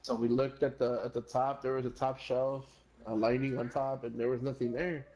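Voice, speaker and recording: A man's voice: medium pitch, little pitch movement, moderate pace, darkish tone, rough recording. A young man telling a long story while gaming on stream. He rambles, curses often, says "bro" constantly and slips between English and Spanish. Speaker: gamer streamer.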